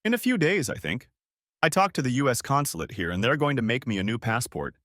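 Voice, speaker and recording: A man's voice: medium pitch, very animated, brisk, fairly bright tone, dry recording, clean studio sound. A man voicing a desperate, unfaithful young wife who begs her husband over the phone. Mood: eager. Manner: desperate, begging.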